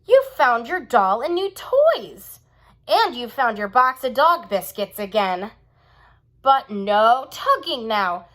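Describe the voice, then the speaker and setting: A woman's voice: a little high, sing-song, slow pace, heavily acted. A woman voicing a kind little girl talking to her puppy in a storybook read-aloud. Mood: gentle. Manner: sweet, coaxing, a bit brighter.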